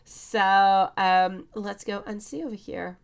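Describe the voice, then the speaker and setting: A woman's voice: medium pitch, steady tone, slow, creaky, clear, resonant tone. A woman reading tarot on a live stream, greeting chat viewers by name and calling them sweetie and beautiful. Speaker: tarot reader.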